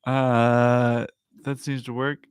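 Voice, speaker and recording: A man's voice: medium pitch, level tone, drawn-out words. Chatty man counting out rhythms. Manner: chatty and self-amused, counting rhythms aloud. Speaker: music teacher transcribing a piano piece for bass. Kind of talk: casual live music lesson.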